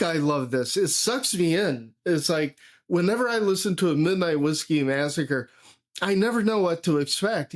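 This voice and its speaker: A man hosting a live music reaction, enthusiastic, swearing and humming drum beats. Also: on the high side. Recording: music playing behind.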